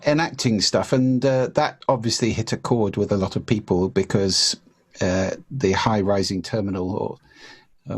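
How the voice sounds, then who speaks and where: A man speaks as an interview guest in a relaxed, reflective way. His voice sits fairly low, with a gravelly, husky texture. He explains his points by acting out little examples. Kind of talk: casual conversation.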